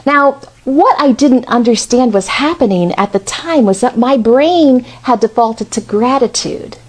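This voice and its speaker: A woman of about fifty giving a storytelling talk in a conversational, expressive way. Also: on the high side, measured pace. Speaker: speaker.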